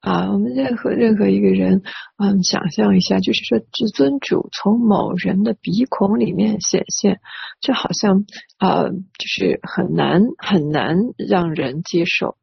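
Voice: mid-range voice, unhurried, vocal fry, husky, dry recording. An interpreter rendering a sermon phrase by phrase, hesitant with many filler sounds, on a dry, dull lo-fi recording.

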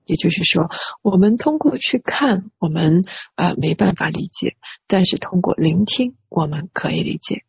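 Gravelly breathy sermon interpreter. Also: medium pitch, animated, normal speed, no room sound. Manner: hesitant, many filler sounds. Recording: dry, dull lo-fi recording.

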